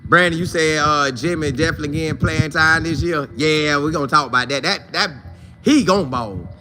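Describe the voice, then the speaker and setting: A man hosting a casual sports talk live stream, shouting out viewers by name in loose, slangy, animated talk. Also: fairly high pitch, moderate pace, a little hiss or hum.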